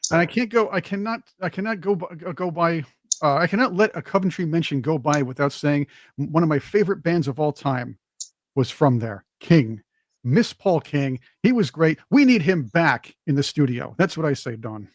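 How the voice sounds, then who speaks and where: Joky guy co-hosting, quite high voice, laughs a lot. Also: animated, dry recording. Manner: joking, quick to laugh. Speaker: co-host. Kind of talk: casual chat.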